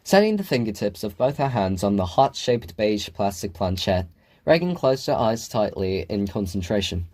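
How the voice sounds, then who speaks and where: A man reading a novel aloud as an audiobook narrator, in a measured storytelling manner. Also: fairly low pitch, lively intonation, mellow. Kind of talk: scripted narration.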